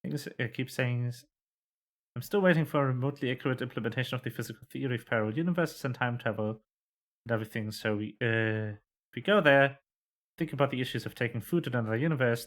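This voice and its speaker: A man's voice: mid-range voice, quick pace. A man streaming a game, making wry, chatty asides between reading the dialogue. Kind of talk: casual game commentary.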